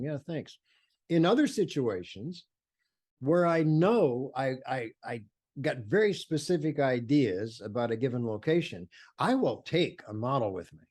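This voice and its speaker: A man's voice: fairly high pitch, lively intonation, a little fast, a little mellow. Enthusiastic older man telling photo stories. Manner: enthusiastic, acts out quoted voices, many fillers and restarts. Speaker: photographer, interview guest. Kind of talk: animated storytelling in conversation.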